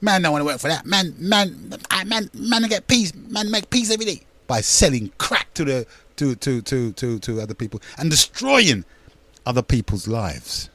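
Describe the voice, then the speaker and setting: A man's voice: a little high, big pitch swings, moderate pace, bright, forceful tone, dry recording. An older man, hosting a radio talk show in a rambling, emphatic monologue that repeats words and addresses listeners as brethren.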